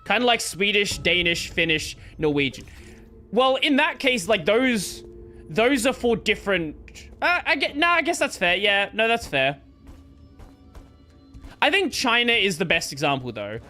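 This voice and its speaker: High, lively, bright-voiced man streaming. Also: measured pace, faint music behind. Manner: rambling, restarts while thinking aloud. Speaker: gaming streamer. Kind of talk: casual live-stream chat.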